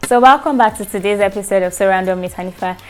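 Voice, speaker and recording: A woman's voice: mid-range voice, quick pace, loud music behind the voice. A young woman hosting her own vlog in a chatty, playful way, teasing her viewers. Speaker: show host. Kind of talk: casual vlog talk.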